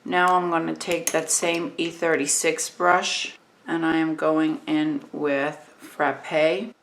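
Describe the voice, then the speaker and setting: A woman in her fifties with a New Jersey accent, talking through a makeup tutorial in a relaxed, chatty way while she works. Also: low-pitched, takes it slowly. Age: 50s.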